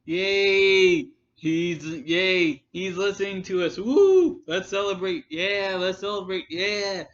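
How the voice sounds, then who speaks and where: A giddy young man whooping and cheering over a small online win, as a man puts on a mocking impression. The voice is pitched well above the speaker's usual tone and goes over the top in its glee. It sounds dull and lo-fi. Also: lively intonation, slow, a bit bright, heavily acted. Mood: mock-gleeful.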